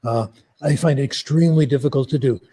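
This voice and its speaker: An older man explaining an academic idea through relaxed, conversational anecdotes. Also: mid-range voice, fast, a little hiss or hum. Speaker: guest speaker.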